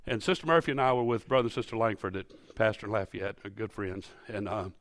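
A man preaching a sermon in a church, folksy and storytelling, rising to loud emphatic peaks. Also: lowish voice, fairly quick, no room sound. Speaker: pastor. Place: church sanctuary.

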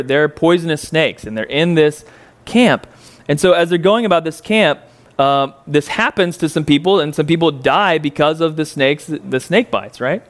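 A man with a somewhat high voice gives a casual Bible lesson. He talks conversationally, peppering his teaching with rhetorical questions and fillers. His tone rises to incredulous peaks, then drops into quiet, low reflection.

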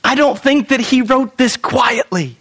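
High-voiced animated male pastor. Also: a little slow. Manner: animated, jokey, acts out pleading quotes. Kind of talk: sermon.

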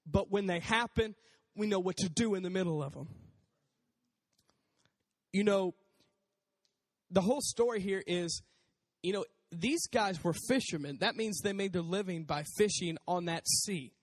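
Male preacher, high-pitched and conversational; casual sermon in a reverberant hall. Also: measured pace, long pauses. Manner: conversational, animated, acts out voices.

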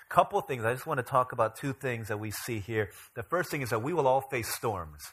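A man's voice: medium pitch, fairly bright tone. A male pastor giving a sermon, asking the congregation questions and retelling a familiar story with a light, joking touch. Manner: asks the congregation questions and retells stories with humor.

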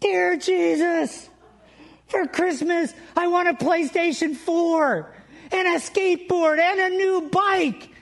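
A man voicing a little boy who shouts his Christmas wish list as a prayer in a sermon story. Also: very high voice, slow, creaky, voice pushed up, exaggerated voice. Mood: shouting eagerly. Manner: shouting at the top of his lungs.

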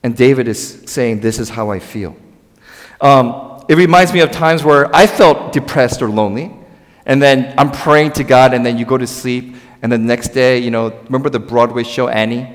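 A man delivers a sermon in a conversational, animated way, often asking the congregation to say words back to him. His voice sits at an ordinary pitch for a man. A long church reverb trails behind each phrase. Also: normal speed. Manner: animated, conversational preaching with audience call-and-response. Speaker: pastor. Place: church sanctuary.

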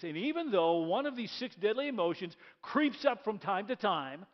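A man preaching a sermon in a church, lively and repeating key lines as he leads the congregation in reading aloud. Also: sits high, moderate pace, hardly any pauses, lo-fi sound. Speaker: pastor.

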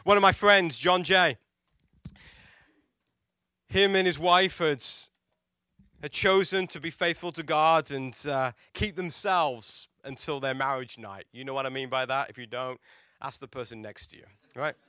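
A man preaching a sermon as a pastor, telling stories and asking the congregation questions, swinging between loud emphatic lines and hushed quiet ones. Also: fairly high pitch, measured pace, clean tone, no room sound, clean studio sound. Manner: storytelling with rhetorical questions to the congregation.

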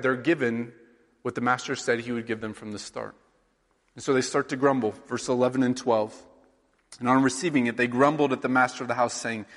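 Heard in a large room, a man in his thirties from rural Iowa, USA, preaches as a pastor in a conversational style. His voice is medium-pitched with a fairly bright tone, and he leans on rhetorical questions.

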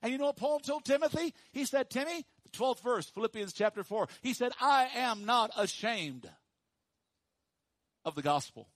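A pastor preaching a sermon to his congregation, dropping to hushed, slow emphasis and rising to loud, high calls for the room to repeat after him. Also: no echo. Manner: swings from hushed low emphasis to loud high call-and-response.

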